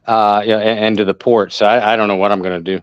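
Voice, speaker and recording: A man co-hosting a sports chat over a phone speaker, speaking haltingly and repeating words as he starts. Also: on the low side, little pitch movement, clear, resonant tone. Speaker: podcast co-host. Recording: dull phone-speaker audio.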